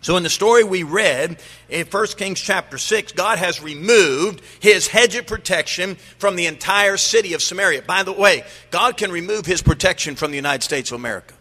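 High, bright-voiced preacher in a reverberant hall. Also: male voice, normal speed. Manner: emphatic preaching, rising and dropping to make points. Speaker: pastor. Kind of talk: sermon. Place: church sanctuary. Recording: long reverb of a large hall.

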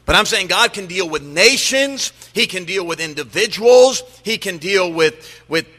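Male pastor, middle-aged, emphatic sermon, high voice, long church reverb. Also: lively intonation, a little slow, bright, forceful tone. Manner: emphatic preaching, rising and dropping to make points. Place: church sanctuary. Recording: long reverb of a large hall.

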